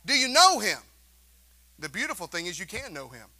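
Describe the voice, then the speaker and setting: A man's voice: high-pitched, sing-song, a little fast, pushed and bright. A male pastor preaching a sermon to his congregation, emphatic and calling for responses. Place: church sanctuary.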